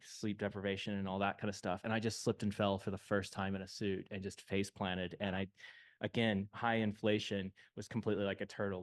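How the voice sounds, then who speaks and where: A man from the United States, casually telling stories of suit tests on a panel. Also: on the low side. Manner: casual, uses "like" a lot.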